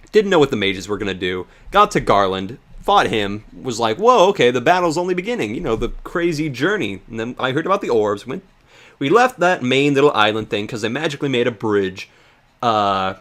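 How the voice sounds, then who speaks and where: A man casually recapping a video game in a rambling, profane, excitable rant. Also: medium pitch. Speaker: let's play host.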